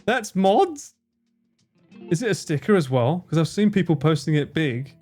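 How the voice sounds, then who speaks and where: A man's voice: fairly high pitch, big pitch swings, normal speed, a little mellow, soft background music. A man hosting a live stream in casual chat, reading chat, laughing often and swearing freely. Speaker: livestream host.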